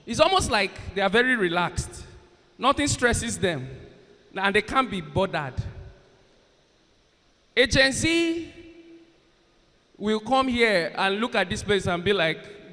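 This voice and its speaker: A comedian and event MC stands on stage in a large university hall, teasing the crowd and hyping them up through a PA that adds long hall reverb. His high voice is expressive, pushed and bright, and he talks a little slowly with long pauses between lines of stand-up banter and hosting.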